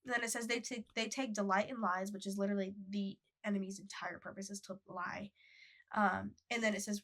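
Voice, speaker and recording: A young woman talks through a faith podcast in a casual, friendly register, with a noticeable gravelly fry in her voice. She reads scripture passages aloud and then breaks them down in plain, everyday speech. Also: mid-range voice, steady tone, brisk, a bit bright. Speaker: podcast co-host.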